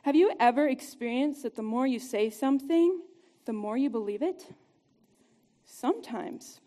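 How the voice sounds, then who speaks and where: A woman giving an upbeat, conversational devotional talk to a group, chatty and quick to laugh. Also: sits high, mellow. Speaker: church teacher.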